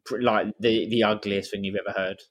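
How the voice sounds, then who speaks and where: A man's voice: fairly low pitch, steady tone, fairly quick. A man co-hosting a casual football podcast, laid-back with short replies. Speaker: podcast co-host.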